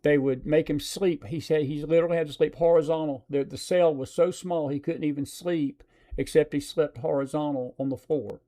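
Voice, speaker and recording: A man's voice: fairly high pitch, fairly even intonation, moderate pace, mellow. A man hosting a talk show, ranting emphatically with repeated phrases and addressing his audience directly. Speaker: show host. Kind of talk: live-stream commentary talk.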